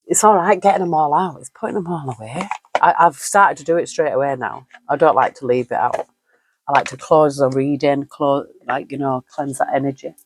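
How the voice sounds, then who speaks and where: A woman's voice: sits low, normal speed. A woman giving a casual spoken tarot reading, chatty and musing, with frequent fillers and easy laughs. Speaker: tarot reader.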